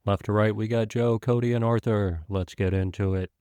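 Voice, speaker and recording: Give me a man co-hosting a casual podcast, with a lowish voice and a smooth, confident delivery. He sounds like a teacher used to talking in front of a class, and the recording is dry and close. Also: steady tone, normal speed, warm tone, no room sound.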